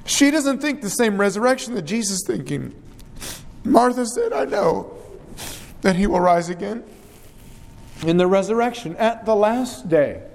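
A man preaching an earnest, measured sermon and reading scripture aloud. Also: high-pitched, expressive, creaky, darkish tone, big-room sound.

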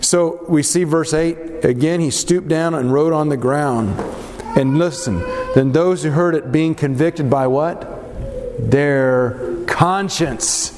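A man's voice: a little high, slow pace, big-room sound, background noise. Emphatic man leading a scripture study. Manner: earnest, emphatic, asks the group questions. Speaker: Bible study leader.

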